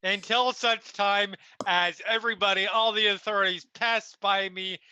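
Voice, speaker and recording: Brief: male player, high and very bright tone, dry and deadpan. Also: moderate pace, smooth. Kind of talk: playing a tabletop game in character.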